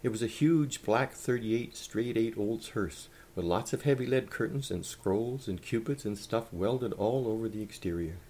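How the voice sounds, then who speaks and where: A man reading a humorous story aloud in a wry, lively way. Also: on the low side, normal speed, hardly any pauses, slight background noise.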